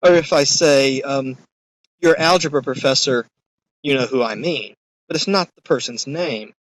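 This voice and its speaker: A male lecturer teaches a course in a relaxed, conversational manner, stressing key phrases with emphasis. His voice sits at an ordinary mid pitch. He pauses now and then with small fillers. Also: no echo, low-quality recording.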